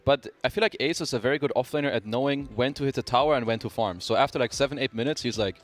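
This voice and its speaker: A man's voice: mid-range voice, fast. A man analysing an esports match, casual and wry in his delivery. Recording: faint music behind.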